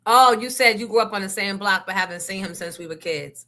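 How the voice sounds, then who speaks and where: A woman's voice: medium pitch, a little fast, bright, forceful tone. A woman host ranting to her listeners in a blunt, profane, confrontational way. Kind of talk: casual rant to listeners.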